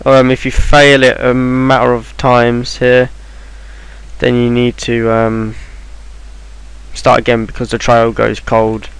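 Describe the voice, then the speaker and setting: In a clear, resonant, mid-range voice, a game guide maker talks slowly and monotonously through a walkthrough. His offhand voice-over wanders, with many ums and restarts, and the audio is poor.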